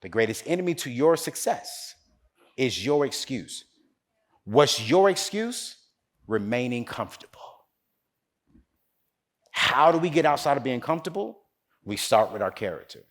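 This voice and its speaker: A man from North Carolina giving a motivational speech, telling a story with preacher-like crescendos. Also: mid-range voice. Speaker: keynote speaker.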